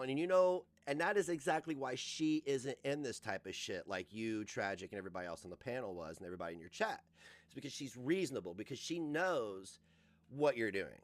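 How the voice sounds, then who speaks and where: A man's voice: medium pitch, a little fast. A man hosting a reaction show, ranting and joking with lots of cursing and frequent laughter. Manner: profane, laughs often, animated. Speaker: host.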